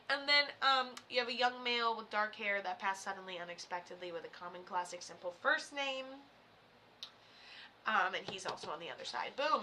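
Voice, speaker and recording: A woman giving live psychic readings on a stream, chatty and excitable, full of fillers and sudden loud bursts. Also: fairly high pitch, a little hiss or hum.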